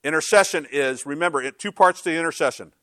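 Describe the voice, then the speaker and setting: Conversational pastor preaching, dry sound. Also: male voice, a little high, quick pace, sharp tone, no room sound. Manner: conversational, emphatic, rhetorical questions. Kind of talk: sermon.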